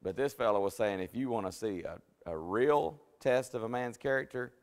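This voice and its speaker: A man's voice: mid-range voice, animated, normal speed, hardly any pauses. A man teaching a Bible study in a church, folksy and conversational with many restarts. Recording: long church hall reverb.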